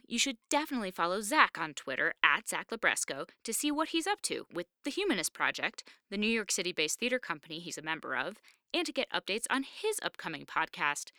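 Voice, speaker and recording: Bright, crisp-voiced woman hosting a podcast. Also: fairly low pitch, no room sound, studio quality. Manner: enthusiastic, upbeat promotional delivery. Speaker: podcast host. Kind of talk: scripted podcast intro.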